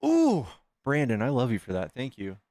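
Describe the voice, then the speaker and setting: Excitable man hosting a livestream, dry sound. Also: mid-range voice, normal speed, no echo. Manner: excitable, reads donations aloud. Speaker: livestream host. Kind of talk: casual livestream chat.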